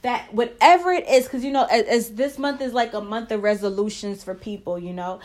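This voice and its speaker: Earnest encouraging woman host, slightly high. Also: brisk, darkish tone. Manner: earnest, encouraging, prays aloud mid-talk. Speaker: faith and marriage podcast host. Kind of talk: casual faith talk.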